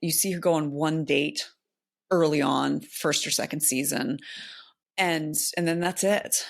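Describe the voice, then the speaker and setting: A woman's voice: sits low, steady tone, measured pace, creaky. A woman co-hosting a podcast, talking through her thoughts in a loose, rambling way with many fillers and restarts. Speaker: podcast co-host. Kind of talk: casual chat.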